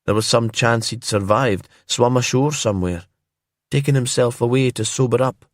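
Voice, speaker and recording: A man voicing a brooding older woman from a remote island in a calm storybook crime tale, speaking softly and hesitantly in a lifted voice. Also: mid-range voice, moderate pace, no room sound, clean studio sound, voice pushed up, lightly acted. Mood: wistful.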